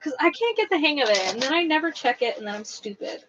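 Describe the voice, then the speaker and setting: A woman's voice: high-pitched, big pitch swings, fast talker, highs cut off, background noise. A young woman hosting a craft livestream, chatting casually and rambling with lots of fillers as she reads comments. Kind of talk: casual chat reading live comments.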